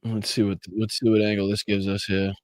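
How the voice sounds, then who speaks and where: A man's voice: fairly low pitch, monotone, brisk, a little mellow, no echo. A man hosting a political podcast in a casual, mocking style, swearing freely and laughing as he comments. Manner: mocking, profane, laughs often. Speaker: podcast host.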